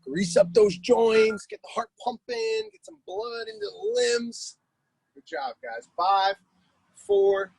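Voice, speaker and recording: A man's voice: high voice, wildly swooping pitch, slow pace, gravelly, breathy edge, dry recording, rough recording. A man coaching a live-streamed workout class, calling out exercises, cues and countdowns with lots of energy. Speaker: fitness coach.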